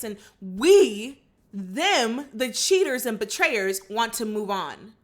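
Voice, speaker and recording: Woman host, chatty film recap, bright voice, acts out lines. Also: fairly high pitch, a little slow. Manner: animated, acts out characters' lines; opinionated, chatty. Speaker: channel host. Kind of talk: casual movie reaction recap.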